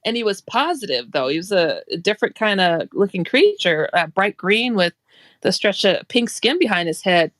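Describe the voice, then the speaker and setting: A woman hosting a casual talk stream, telling a personal story in an animated way, laughing often and acting out quotes. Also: mid-range voice, moderate pace, no room sound.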